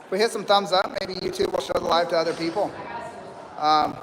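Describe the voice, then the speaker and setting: A man hosting a live stream at a horse rescue, talking calmly and rambling with many fillers, recorded outdoors among people. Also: sits high, a little fast, in a large hall, crowd noise, poor audio. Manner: calm, rambling, soft-spoken with fillers. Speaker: livestream host at horse rescue. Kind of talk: live commentary.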